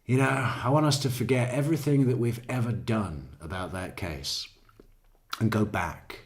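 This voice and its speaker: A man's voice: lowish voice, normal speed, darkish tone. A man giving casual, profane, rambling commentary on court footage, laughing at his own jokes. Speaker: true crime commentary host.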